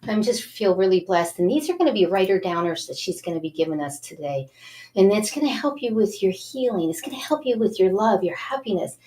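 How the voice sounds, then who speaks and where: Woman, self-help show host, animated, coaxing, mid-range pitch, guiding breathing exercises. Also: a little fast.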